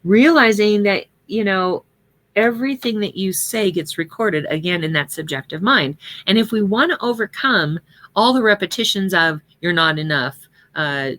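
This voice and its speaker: A woman's voice: mid-range voice, moderate pace, fairly bright tone. A woman teaching a class on prosperity affirmations in a casual, earnest way, with many fillers. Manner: chatty and earnest, with many fillers and occasional laughs.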